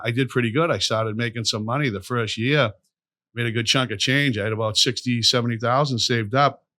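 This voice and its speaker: A man's voice: lowish voice, no room sound. A man telling rambling, profane stories as a podcast guest. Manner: profane, rambling, animated storyteller. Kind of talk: storytelling in a casual interview.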